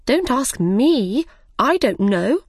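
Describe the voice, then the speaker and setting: A calm, unafraid young girl, as a woman reads her part, her voice lifted a little higher and kept clear. She speaks slowly and steadily in a dry, close recording. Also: dry recording. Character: calm, plain-spoken young girl Alice.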